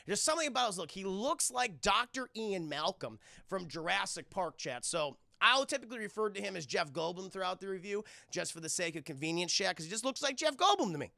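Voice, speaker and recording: Gravelly, high-voiced man talking to chat. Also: sing-song, a little fast, hardly any pauses, bright, forceful tone, no echo. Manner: profane, keeps addressing chat. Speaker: streamer, film reviewer. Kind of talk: casual retelling of a film to live chat.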